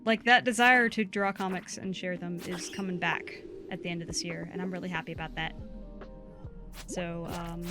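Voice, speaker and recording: A woman's voice: on the low side, steady tone, moderate pace, over music. Chatty woman with a Southern US accent. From southern United States. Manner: chatty and rambling, reading chat aloud. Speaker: co-host of a game livestream. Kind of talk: casual livestream chat.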